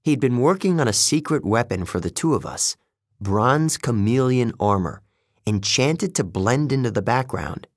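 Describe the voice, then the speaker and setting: A man narrating a first-person story in a measured, steady way, recorded close to the mic. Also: mid-range voice, dry recording. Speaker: audiobook narrator.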